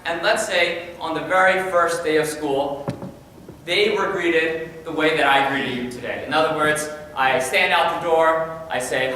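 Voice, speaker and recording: A man with a high, bright voice gives a lively talk to a room full of teachers. He sounds energetic and often repeats himself when he starts a sentence. The sound comes from well back in a large, reverberant hall, with a faint hiss underneath. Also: a little slow. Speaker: high school science teacher presenting. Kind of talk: conference presentation. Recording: echoey hall from far off, faint noise.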